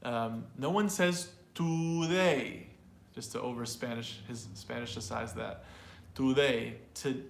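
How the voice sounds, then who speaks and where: A man's voice: mid-range voice, moderate pace, gravelly, few pauses, echoey room, slight background noise. A man teaching an online English pronunciation class. He explains in a talkative way and often repeats or restarts words.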